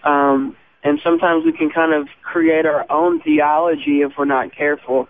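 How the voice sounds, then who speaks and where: A man from a band giving earnest, reflective answers in a faith interview, slowing down to stress key words. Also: a little high, fairly even intonation. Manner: earnest, reflective, slows for emphasis. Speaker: band member guest. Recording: tinny phone-line sound with faint noise.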